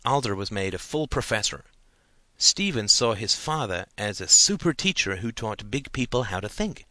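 A man narrating a novel in a measured, unhurried audiobook reading. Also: lowish voice, pushed and bright, dry recording.

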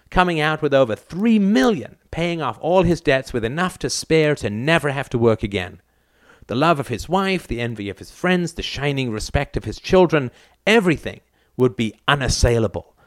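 A man's voice: mid-range voice, no echo. A man narrating a novel in a wry, dry storytelling manner. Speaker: audiobook narrator.

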